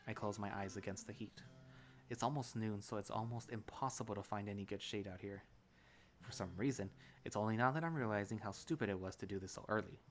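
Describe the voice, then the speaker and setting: A man narrating a visual novel in first person, calm and relaxed, with small restarts. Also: on the low side, a little fast, faint music behind.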